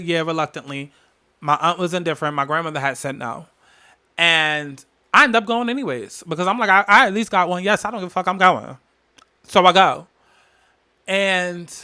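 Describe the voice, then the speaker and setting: A man with a bright, forceful voice pitched a little high tells a personal story on his podcast. He hammers his points home by repeating key phrases, and he swears freely as he goes. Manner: emphatic, repeats phrases for weight, heavy swearing. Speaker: podcast host. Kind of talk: candid storytelling monologue.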